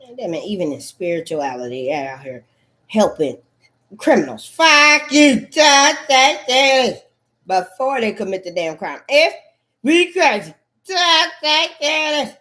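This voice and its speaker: A woman's voice: medium pitch, sing-song, unhurried, a bit bright. A woman in a rambling, profane monologue, full of cursing and repetitive outbursts.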